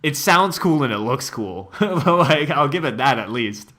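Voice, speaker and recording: A man's voice: medium pitch, animated, a little slow, sharp tone. A man streamer giving casual reaction commentary, laughing often and joking around.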